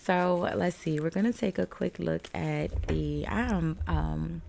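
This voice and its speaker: A woman's voice: lowish voice, steady tone, measured pace, vocal fry, darkish tone. A woman getting over a cold, chatting casually and rambling through a tarot reading at home. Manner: rambling, chatty, fillers and little laughs. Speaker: tarot reader. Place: home room with balcony door open. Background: faint outdoor noise.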